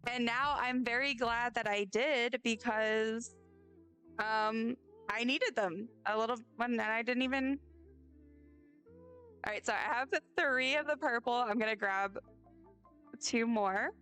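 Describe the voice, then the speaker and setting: A young woman with a slightly high voice talks casually to her stream viewers, rambling and gushing as she trips over her words. Soft game music plays faintly behind her. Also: unhurried, pauses often. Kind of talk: casual live-stream chat.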